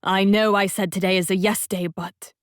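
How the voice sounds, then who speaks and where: A woman reading the lines of a guarded young man, the narrator's boss and husband, in a low, tender murmur for an audiobook. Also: little pitch movement, moderate pace, smooth, no room sound, studio quality, natural voice. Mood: hesitant.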